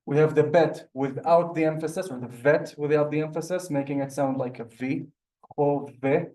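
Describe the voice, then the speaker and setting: A man's voice: a little high, fairly even intonation, fairly quick, a little mellow. A man teaching a language class in a classroom. He explains patiently and step by step, and often checks that the class is following. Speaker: Hebrew teacher. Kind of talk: classroom lesson.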